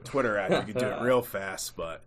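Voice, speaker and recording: A man's voice: lowish voice, fairly quick, a crowd in the background. A man hosting a casual sports podcast, blunt and swearing freely as he tells stories. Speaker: podcast host.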